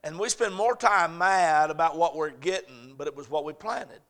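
A middle-aged man preaching a sermon, swinging between loud urgent points and soft storytelling. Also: a little high, moderate pace.

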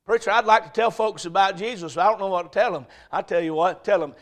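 A male pastor preaching a sermon, swinging between shouted emphasis and quiet storytelling. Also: high voice, fast talker. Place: church sanctuary.

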